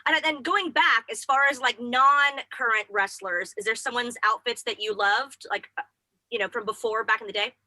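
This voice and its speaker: A woman's voice: a little high, normal speed, sharp tone, no room sound, rough recording. A woman co-hosting a casual chat show, talking in an effusive, gushing way. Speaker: co-host.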